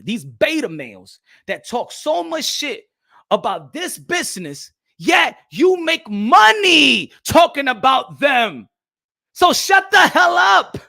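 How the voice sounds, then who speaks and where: A man ranting in a loud, profane, mocking commentary on boxing, now and then switching into Spanish phrases. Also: extremely high pitch, sing-song, takes it slowly, gravelly.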